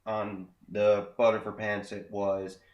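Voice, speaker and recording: A young man with a low voice recaps things in a loose, halting way, full of ums and restarts. He sounds like he is talking in a small echoey room. It has the feel of an easygoing amateur podcast. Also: flat delivery, lo-fi sound. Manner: filler-heavy, halting recaps. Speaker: podcast co-host. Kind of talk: casual chat recapping wrestling.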